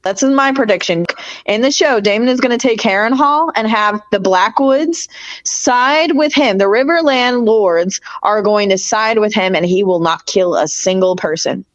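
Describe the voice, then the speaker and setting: Woman co-host, eager fan voice, mid-range pitch, slightly dull lo-fi recording. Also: normal speed. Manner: eager, opinionated fan talk. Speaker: podcast co-host. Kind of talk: casual TV review chat.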